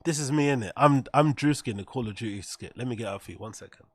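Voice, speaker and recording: A man hosting a casual livestream, chatting to his viewers in a loose, rambling way and swearing freely. His voice sits at an ordinary middle pitch. The sound is close and dry, with little room behind it. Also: fast, dry recording. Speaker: streamer host.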